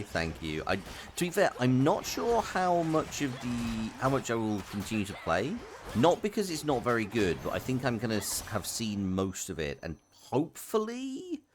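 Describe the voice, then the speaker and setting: A man streaming a game live, chatting casually and reading out chat messages between plays. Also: on the low side. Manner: chatty, rambling, reads chat aloud. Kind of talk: casual live gaming commentary.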